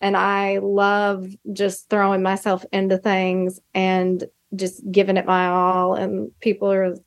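A woman's voice: medium pitch, monotone, slow, dry recording, studio quality. A young woman, a filmmaker guest on a podcast, talking in an emotional, gushing way that comes in fits and starts. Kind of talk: casual podcast chat.

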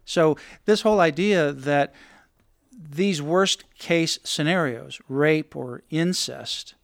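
A man hosting an interview, forceful and argumentative in his delivery. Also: on the high side, gravelly. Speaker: host. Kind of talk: interview talk.

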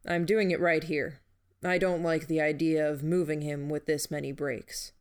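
A woman's voice: low voice, level tone, moderate pace, a little mellow, smooth, lightly acted. A woman voicing a stern, matter-of-fact male field medic who reports injuries in clipped, clinical phrases.

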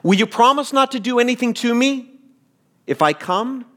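A man's voice: extremely high pitch, animated, moderate pace, a bit bright, voice pushed up. A pastor voicing a proud but frightened young girl in a sermon story, hesitant and stammering. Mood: fearful.

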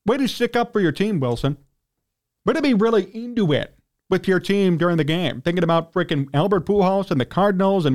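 A Chicago-accented sports talk radio host, fired up and indignant, rants at a slightly fast clip in a voice that sits fairly high for a man. Whenever he gets worked up, his pitch jumps, and he keeps clearing his throat throughout the heated rant.

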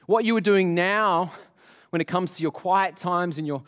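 Animated pastor preaching in a reverberant church. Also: male voice, sits high, normal speed, clean tone. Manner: animated, conversational, joking with the congregation. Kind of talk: sermon. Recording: long hall reverb.

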